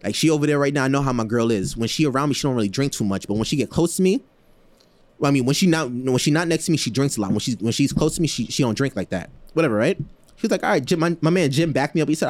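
A man's voice: mid-range voice, very fast. A man telling a story in casual podcast chat, talking loosely with plenty of slang and fillers and acting out the people he quotes. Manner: animated, acts out quoted voices, laughs often; loose slang-heavy talk with frequent fillers.

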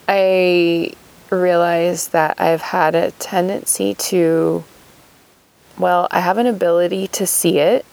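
A woman speaking in a thoughtful, hesitant personal monologue with many pauses. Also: lowish voice, fairly even intonation, gravelly, a little mellow.

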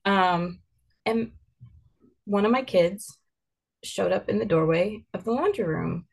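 A woman's voice: mid-range voice, takes it slowly, gravelly, darkish tone, breathy edge. A mother in an earnest, candid podcast conversation, telling stories and reflecting on how she raises her kids.

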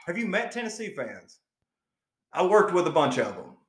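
A man's voice: fairly high pitch, very animated, unhurried, a bit bright. A man co-hosting a podcast, telling a long rambling story with lots of swearing and laughter. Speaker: podcast co-host. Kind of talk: casual storytelling chat. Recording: echoey room.

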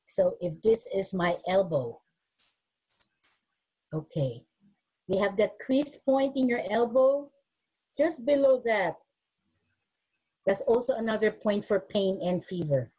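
A woman's voice: medium pitch, lively intonation, takes it slowly, long pauses, warm tone, breathy edge, poor audio. A woman who is a nurse, speaking earnestly at a webinar and showing self-care techniques, often restarting her sentences. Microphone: webinar recording.

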